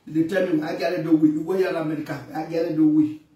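A high-voiced man with a Nigerian Pidgin accent, ranting with emphatic pleas that climb into shouts. He is recorded from a distance in a very echoey space. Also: steady tone, fast. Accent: Nigerian Pidgin, Edo. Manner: pleading, emphatic, rising to shouts. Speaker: actor. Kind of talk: impassioned rant.

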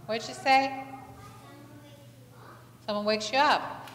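In an echoey church hall with faint ambience, a woman pastor delivers a conversational sermon, asking her congregation lots of questions and telling stories with animation. Her voice is fairly high and a bit bright, slow, with fairly even intonation.

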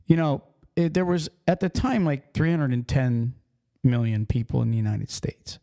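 Gravelly, animated trucker host. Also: male voice, medium pitch, moderate pace. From Pennsylvania. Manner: animated storytelling, acts out accents. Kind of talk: casual podcast chat.

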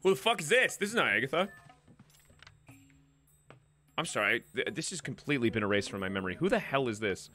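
Bright, lively young male gamer. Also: medium pitch, a little fast, pauses often, faint music behind. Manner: joking, laughing often, irreverent. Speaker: gaming streamer. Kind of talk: casual gameplay commentary.

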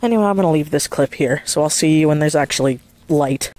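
A woman vlogging in casual chat, rambling and swearing freely, speaking in a soft hushed voice outdoors at night while walking a dog. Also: deep voice, fast talker, no echo.

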